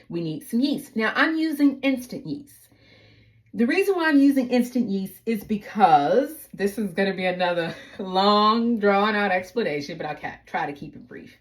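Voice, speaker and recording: Chatty woman with lively pitch. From United States. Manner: chatty, explanatory, tangent-prone. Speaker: baking instructor. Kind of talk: casual cooking tutorial.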